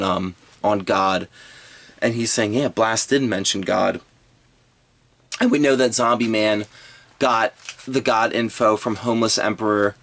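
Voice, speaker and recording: Lowish guy rambling through a manga review, lots of uhs and ums. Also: fairly bright tone. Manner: rambling, with many fillers and restarts. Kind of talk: casual chat.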